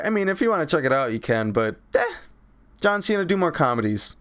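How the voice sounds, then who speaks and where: A man's voice: a little high, big pitch swings, fairly quick, a bit bright. A young man reviewing a movie in a casual, rambling, crude way full of fillers.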